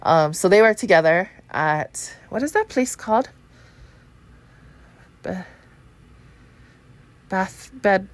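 A woman's voice: fairly low pitch, animated, measured pace, pauses often. A woman, congested and short of breath, rambling through a casual astrology chat and swearing freely. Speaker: podcast host.

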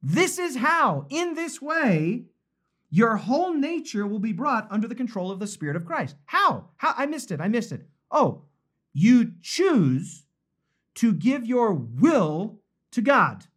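A male pastor giving a conversational, animated devotional sermon and repeating key phrases for emphasis. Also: high-pitched, unhurried, husky. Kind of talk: live-streamed devotional sermon.

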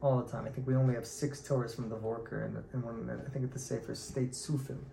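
A man teaching a Torah class, telling stories with lively acted-out quotes. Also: medium pitch, fast, gravelly. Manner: animated storyteller acting out quoted voices. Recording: echoey room, faint background noise.

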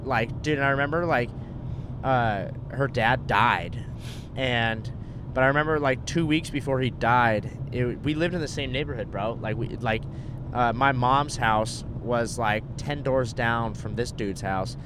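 A man's voice: mid-range voice, measured pace. A young man chatting casually and crudely, laid-back, saying "bro" often. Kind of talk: casual chat. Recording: car and street noise behind.

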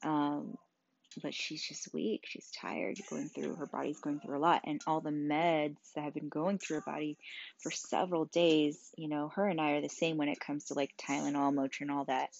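Tired young mom, low voice. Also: female voice, flat delivery, normal speed, gravelly, a little mellow, no echo, dull audio. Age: young adult. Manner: emotional, candid, frequent swearing and fillers. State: tired, quiet as child sleeps beside her. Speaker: mother vlogging about her sick child. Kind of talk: casual personal vlog.

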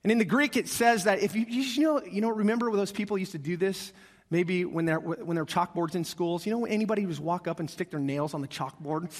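A man's voice: high-pitched, fairly quick. A man preaching a sermon, telling a story with acted-out voices and calls to the congregation. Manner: animated, acts out quoted voices, asks the congregation. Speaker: pastor. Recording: long reverb of a large hall.

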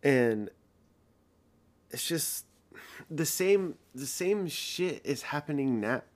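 A man's voice: a little high, expressive, takes it slowly. Profane, rambling man in his thirties. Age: 30s. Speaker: podcast host. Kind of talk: casual storytelling.

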